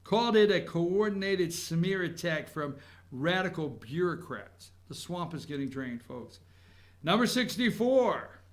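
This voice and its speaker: A man hosting a talk show monologue, animated and blunt, swinging from loud outbursts to low muttering.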